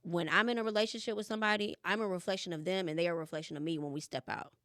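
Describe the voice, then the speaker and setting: A woman's voice: on the low side, fairly even intonation, very fast, a bit bright, no echo, clean studio sound. A woman speaking bluntly and candidly in a casual chat.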